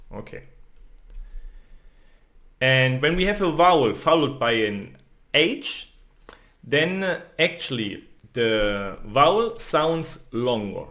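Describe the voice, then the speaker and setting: Slow-paced man teaching, lively intonation. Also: mid-range voice. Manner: often ends phrases with a questioning "no?" or "okay?"; sounds out letters and sounds one by one. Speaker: language teacher. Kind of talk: slow explanatory lesson.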